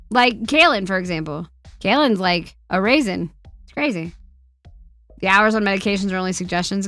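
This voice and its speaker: Bright, profane woman streamer. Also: medium pitch, dry recording. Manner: profane, teasing banter; reads viewer questions aloud and answers them. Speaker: streamer host. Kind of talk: casual live-stream chat.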